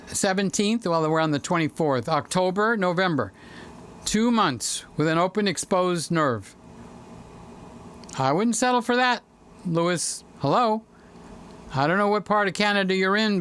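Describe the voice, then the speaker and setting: A man with a high, slightly bright voice and a faint hiss or hum hosts a casual livestream from his home studio. He chats easily, reads viewer comments, greets people by name, and sometimes sings lines to them.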